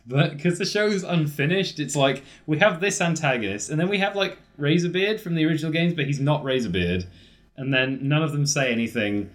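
A man with a somewhat high voice, chatting casually on a podcast with friends. He talks in a jokey, sarcastic way and keeps poking fun at what they discuss. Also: expressive, fairly quick. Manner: jokey, sarcastic, mock-quotes lines in silly voices. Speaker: podcast co-host. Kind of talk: casual chat among friends.

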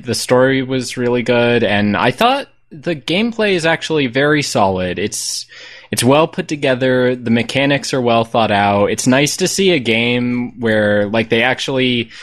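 A man's voice: mid-range voice, lively intonation, measured pace. A man chatting casually as a podcast co-host, rambling and hesitant, with frequent ums and some swearing. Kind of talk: casual chat about video games.

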